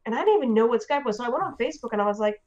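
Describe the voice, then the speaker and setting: A woman from the United States tells a story in an animated, chatty manner, her voice sitting a little high. She stumbles through restarts and fillers. The audio sounds dull and lo-fi. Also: racing. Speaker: interview guest. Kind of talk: casual storytelling.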